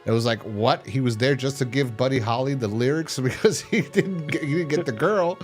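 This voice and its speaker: A young man hosts a casual review podcast at a moderate pace, with music in the background. He rambles and swears, acting out scenes in high voices.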